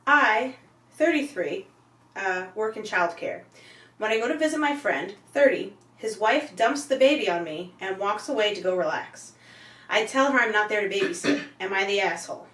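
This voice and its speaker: A woman's voice: medium pitch, a bit bright, recorded from a distance. A woman in her thirties co-hosting a casual podcast, chatting, teasing and reading posts aloud with a giggly manner. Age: 30s. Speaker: podcast co-host. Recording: echoey room, away from the mic.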